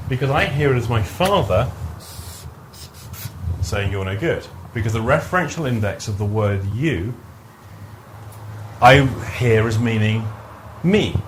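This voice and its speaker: Speaking a little slowly and pausing at length, this man has a medium-pitched, expressive voice, captured in a low-quality recording with slight background noise. He's a trainer leading a workshop for a live group in a training room, telling stories conversationally and repeating words as he restarts his sentences.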